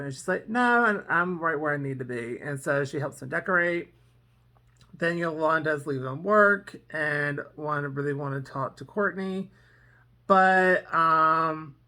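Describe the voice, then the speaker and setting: Reaction vlogger: casual, rambling TV recap, filler-heavy, bright and crisp tone, mid pitch. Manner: rambling, with many ums and "and so"; acts out characters' lines in quotes. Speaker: TV reaction reviewer.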